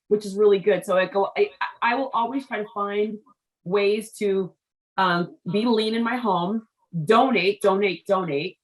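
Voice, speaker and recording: A woman's voice: medium pitch, fairly even intonation, a little slow, low-quality recording. A woman hosting a business interview show, chatting casually and telling family stories with many asides and restarts. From Haitian family background. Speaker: show host.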